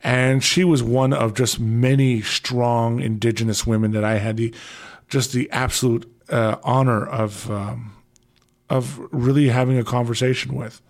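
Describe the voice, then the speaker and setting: Man, canadian accent, radio host, rambling, excitable, mid-pitched voice, radio studio. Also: a little slow, vocal fry. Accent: Canadian English. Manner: rambling, excitable storyteller with many restarts and fillers. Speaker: departing radio show host. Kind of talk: casual radio interview.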